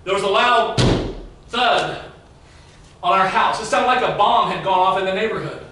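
A middle-aged pastor with a high voice for a man preaches a sermon, telling his story to the congregation in an easygoing, conversational way. His voice rings through a big, very echoey church hall, picked up from a distance with a faint hum of room noise behind it. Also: moderate pace, pushed and bright. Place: large church sanctuary. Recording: very echoey hall, mic far off.

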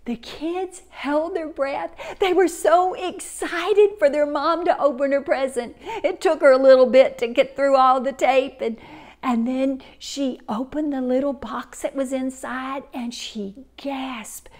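A woman's voice: high voice, fairly even intonation, a little slow, a little mellow. A woman giving an inspirational talk, telling a story expressively and dropping to near whispers at times. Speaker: inspirational speaker.

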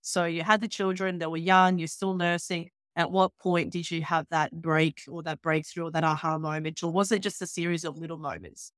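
A woman hosting an interview podcast in casual chat, candid and animated, swearing freely and acting out conversations. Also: lowish voice, a little fast, few pauses, no echo, clean studio sound. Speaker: podcast host.

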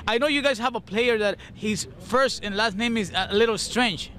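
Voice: medium pitch, moderate pace, fairly bright tone, a little hiss or hum. A person answering a reporter's questions in a hesitant, unsure way. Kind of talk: interviewee in street interview.

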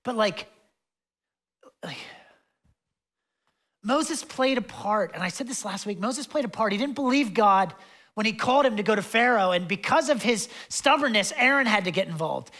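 A young adult man with a high voice preaches a sermon as pastor in a loose, conversational style, packed with fillers and asides. He's animated and passionate, speaking at a normal speed, pausing often, and shifting between loud stretches and hushed ones.

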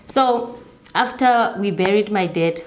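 A young woman telling a personal story in an interview, halting and repeating herself, softly voicing what others said. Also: mid-range voice, a little hiss or hum.

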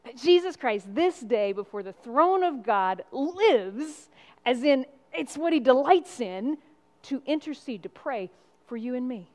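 A woman's voice: high voice, animated, unhurried, a little mellow. Woman pastor preaching in an echoing hall. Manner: earnest, conversational preaching. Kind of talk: sermon. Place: church sanctuary. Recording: long reverb of a church hall.

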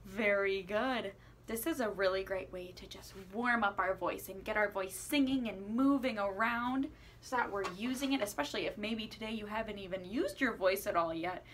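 A woman teaching children a playful singing lesson, asking questions and encouraging them as she swoops her voice high and low. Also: moderate pace, fairly bright tone, slight background noise. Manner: encouraging, asks the listener questions. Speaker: music teacher.

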